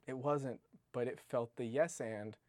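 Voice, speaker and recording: A man's voice: medium pitch, a little slow, darkish tone, slight background noise. A man co-hosting a podcast, bickering casually with his friend, often laughing and teasing in exasperation. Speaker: podcast co-host.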